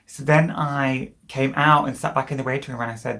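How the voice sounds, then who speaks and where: A woman's voice: rumbling low, fairly even intonation, fast talker, few pauses, fairly bright tone. A British woman in her twenties, a vlogger telling a personal story to the camera in a candid, emotional way. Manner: candid, emotional, vivid retelling.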